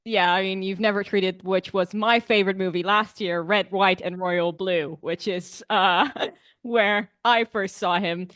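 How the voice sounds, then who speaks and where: A woman's voice: medium pitch, steady tone, measured pace, fairly bright tone, no echo, studio quality. A woman co-hosting a podcast, talking about films in a giggly, enthusiastic way. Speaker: podcast co-host. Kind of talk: casual film review chat.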